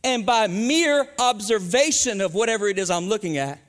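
Male pastor, high voice, energetic call-and-response sermon, live church hall reverb. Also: moderate pace. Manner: energetic, call-and-response preaching with southern slang. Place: church sanctuary.

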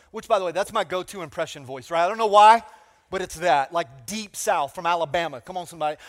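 A pastor delivering a lively sermon, teasing and calling for amens. His voice sits high for a man and rings out with long reverb in a large sanctuary. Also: fast. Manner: energetic, call-and-response, playful asides.

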